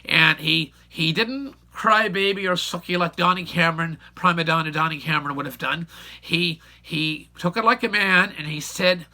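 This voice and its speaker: A man's voice: fairly high pitch, fairly even intonation, normal speed, pushed and bright. An older man telling a rambling, opinionated recollection in a folksy, casual way, repeating points for emphasis. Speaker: YouTube storyteller.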